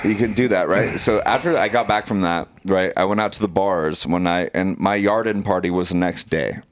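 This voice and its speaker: A lower-voiced American man recounts a chaotic night out in loose, profane podcast chat. He keeps checking in with his listeners with "right?" and "dude" as he builds the story. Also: normal speed, dry recording. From United States. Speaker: podcast guest, former pararescue operator. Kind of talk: casual storytelling.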